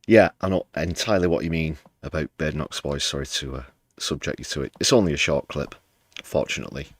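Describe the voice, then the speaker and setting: British male streamer, sardonic commentary, bass-deep voice, dead dry mic. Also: fast, slightly rough, dry recording. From United Kingdom. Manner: wry, sarcastic asides. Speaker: livestream news host. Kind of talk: casual political commentary.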